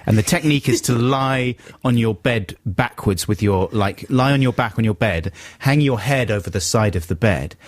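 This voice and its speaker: A man's voice: mid-range voice, normal speed, few pauses, no room sound. A man co-hosting a radio show from a studio, teasing and joking with his co-host and guest. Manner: jokey, teasing, laughs often. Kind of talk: playful radio banter. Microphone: studio microphone.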